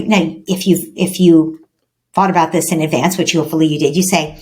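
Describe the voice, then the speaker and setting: A woman parenting expert talks as a guest on a podcast. Her delivery is animated. She slips into short acted-out exchanges between parent and child. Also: deep voice, brisk. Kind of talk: podcast interview.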